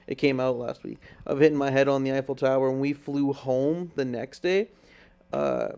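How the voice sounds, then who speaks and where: A man's voice: medium pitch, animated, normal speed, a little mellow, clean tone. A man hosting a podcast, telling stories in a laid-back, swearing casual chat. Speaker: podcast host.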